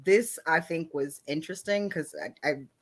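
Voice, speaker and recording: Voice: medium pitch, moderate pace. A podcast co-host in their thirties talking casually, laughing easily and slipping in apologetic asides. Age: 30s. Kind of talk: casual chat.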